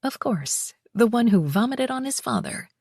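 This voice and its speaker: A woman narrating a first-person romance audiobook in an expressive, wry way on a close mic. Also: a little high, moderate pace, breathy edge, dry recording.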